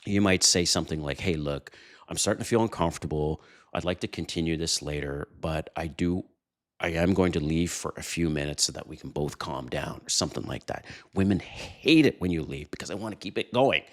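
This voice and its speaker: A man hosting a dating advice channel, talking casually and animatedly to viewers, telling quick stories and chuckling. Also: a bass voice. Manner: animated storytelling, chuckles, addresses viewers directly. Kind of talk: casual advice monologue to camera.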